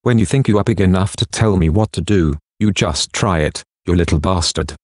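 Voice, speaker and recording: A man's voice: low-pitched, fairly quick, no room sound, clean studio sound. A man voicing an angry, violent stepfather who swears and threatens in harsh bursts. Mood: angry threatening. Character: angry violent male stepfather, bullying and crude.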